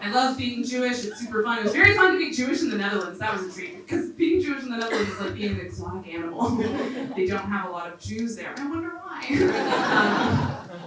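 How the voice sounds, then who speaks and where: A woman's voice: on the high side, animated, brisk, crowd noise. A woman from Canada with a Canadian accent doing a stand-up comedy set on stage, with dry, self-mocking asides. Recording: echoey club room from far off.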